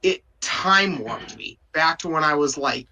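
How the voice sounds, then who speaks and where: A man's voice: fairly high pitch, expressive, unhurried, vocal fry, sharp tone. A man enthusiastically telling a nostalgic story in a group video chat. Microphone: video call. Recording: distant from the mic.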